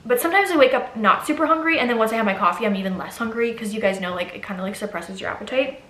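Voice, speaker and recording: A woman's voice: fairly high pitch, racing, a bit bright, a little hiss or hum. A young pregnant woman talking casually in a get-ready-with-me vlog, rambling with fillers and restarts. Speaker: vlogger. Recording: echoey room.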